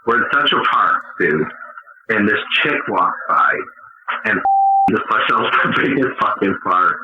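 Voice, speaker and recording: A male podcast co-host spins rambling, profane anecdotes in loose banter and laughs through many of them. His pitch sits mid-range. The recording is muffled and lo-fi, with a noisy background. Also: expressive, a little slow, roomy sound. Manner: profane, rambling storyteller who often laughs. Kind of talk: casual banter. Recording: dull lo-fi sound with noise.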